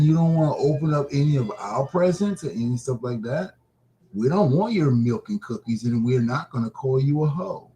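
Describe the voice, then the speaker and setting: A man hosting his own broadcast, preaching casually in a repetitive, drawn-out way. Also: medium pitch, warm tone, rough recording. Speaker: broadcast host.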